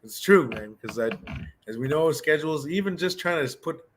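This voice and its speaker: This beginner language class is taught by a man with a fairly high voice at normal speed. His delivery is relaxed and chatty, with lots of thinking aloud and frequent restarts.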